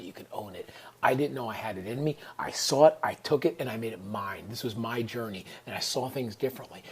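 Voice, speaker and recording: A man's voice: on the low side, slightly rough. A man, telling a personal story in an earnest, reflective way and often dropping into whispered asides. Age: 30s. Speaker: vlogger.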